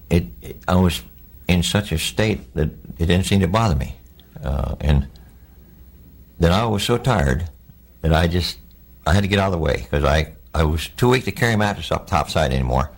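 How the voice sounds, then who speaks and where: Gravelly low-voiced older man. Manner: plainspoken, halting storytelling. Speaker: war veteran interviewee. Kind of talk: oral history recollection.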